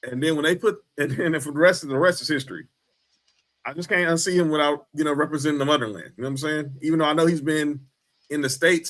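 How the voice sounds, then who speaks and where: Guy rambling on a wrestling podcast, kinda high voice. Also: a bit bright. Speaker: podcast co-host. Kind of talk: casual chat.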